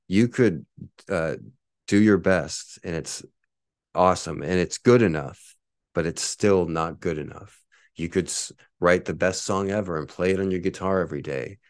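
A man in his forties delivers a solo podcast rant, boastful and combative, peppered with swearing. His voice sits on the low side. The recording is dry and close, with no room echo. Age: 40s. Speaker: podcast host. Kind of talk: ranting podcast monologue.

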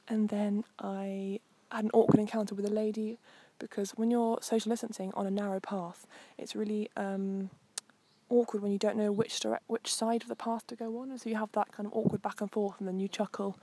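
A young woman talks her listeners through an outdoor coastal walk, her voice soft and breathy. She rambles in a friendly, meandering way, filling pauses with ums, at an ordinary mid pitch. It sounds like a portable mic carried along as she strolls. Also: little pitch movement. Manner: chatty, meandering, with frequent ums. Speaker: host. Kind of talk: casual narration while walking.

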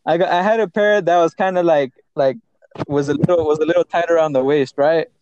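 A man's voice: a little high, darkish tone, smooth, no room sound. A young man on a podcast, telling a story casually with many restarts. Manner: halting, rambling, many restarts. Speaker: podcast co-host. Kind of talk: casual chat. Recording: dull, dry sound.

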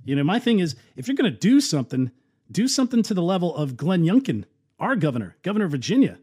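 A man with a high, mellow voice edged with breathiness hosts an opinionated political commentary show, talking quickly and with great animation. He's casual and conversational, full of fillers, and his manner is sarcastic and scoffing.

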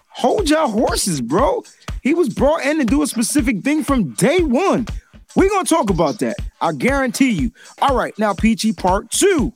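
A man hosting a casual sports talk show, talking in an animated, emphatic way and repeating his points. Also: high-pitched.

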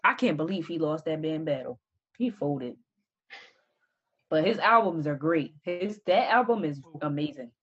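A woman's voice: low voice, lively intonation, measured pace, fairly bright tone, breathy edge. A woman from the US East Coast hosting a casual music listening call, talking in a laid-back, slangy, profane way. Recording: dull lo-fi call audio.

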